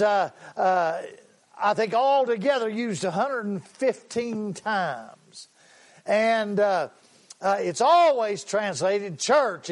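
A man preaching a sermon, repeating key words for emphasis and calling out to the congregation. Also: sits high.

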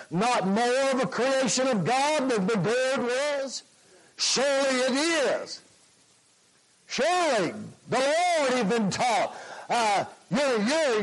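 A man preaching a sermon, slow and emphatic, repeating his points. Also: very high-pitched, low-quality recording.

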